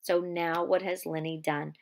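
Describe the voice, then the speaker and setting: A woman's voice: on the low side, little pitch movement, measured pace, vocal fry. A woman teacher guiding a class reading who stops often to pose questions to her students. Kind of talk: guided reading lesson.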